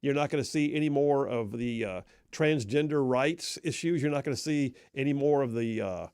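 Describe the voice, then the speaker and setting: A man hosting live talk radio from a studio, energetic and folksy, restarting sentences often. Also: mid-range voice, moderate pace, smooth, no echo. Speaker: radio talk show host.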